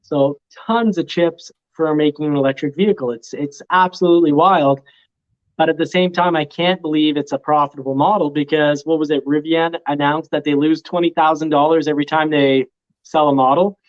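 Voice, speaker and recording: A man joining a live chat as a guest car reviewer over a remote call, explaining things quickly and with confidence. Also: fairly high pitch, steady tone. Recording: dull lo-fi call audio.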